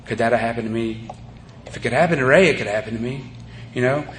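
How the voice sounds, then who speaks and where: A man's voice: medium pitch, quick pace. A man speaking at a recovery meeting, rambling as he tells his story with many "you know"s. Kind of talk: recovery talk to an audience. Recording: echoey room tape with faint hiss.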